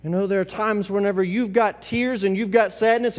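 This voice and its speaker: High-voiced preaching man, echoing hall. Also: fairly even intonation, normal speed, hardly any pauses. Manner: impassioned preaching with repetition and sudden swings between loud and hushed. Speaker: pastor. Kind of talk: sermon. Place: church service.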